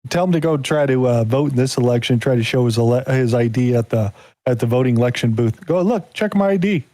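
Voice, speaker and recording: Podcast host guy, mellow dark voice, rambly chat, dry mic. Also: medium pitch, steady tone, fast talker, no echo, low-quality recording. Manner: rambling, many fillers. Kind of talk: casual political chat.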